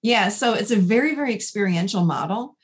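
Woman, 40s, therapist guest; animated, conversational storyteller. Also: medium pitch, fairly quick. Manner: animated storyteller acting out dialogue. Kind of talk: conversational podcast interview.

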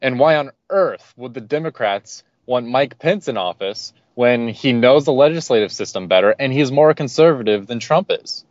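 A man appearing as a guest on a political podcast, making his points in a steady, earnest way. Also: mid-range voice, normal speed, hardly any pauses, dry recording. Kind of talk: casual political podcast chat. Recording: dry, dull lo-fi audio.

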